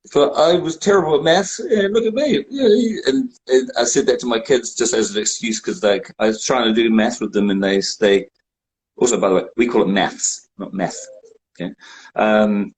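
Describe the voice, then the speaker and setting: A man's voice: medium pitch, moderate pace, rough recording. A middle-aged man chatting as a guest on a video call, rambling with dry, self-mocking humor. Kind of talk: casual chat.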